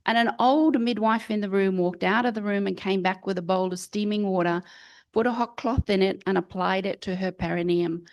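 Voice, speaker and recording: A woman in her sixties at a lectern, telling her career as a series of personal stories. Her voice sits at a middle pitch. She keeps a lively, anecdotal manner and speaks straight to the audience. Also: normal speed. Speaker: professor of midwifery giving an inaugural lecture. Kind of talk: personal storytelling lecture with slides.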